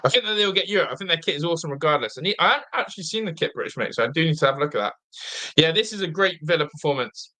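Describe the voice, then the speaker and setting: Chatty, bright-voiced football fan host. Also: male voice, a little high, very fast. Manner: chatty, excitable, reads viewer comments aloud. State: slightly blocked nose. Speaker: watch-along host. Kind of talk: live fan commentary and chat.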